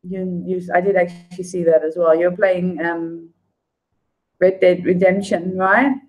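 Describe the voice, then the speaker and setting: A woman's voice: on the low side, little pitch movement, unhurried, a little mellow, dull audio. A woman chatting casually on a livestream, greeting viewers by name. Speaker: livestream host. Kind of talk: casual livestream chat, reading viewer comments.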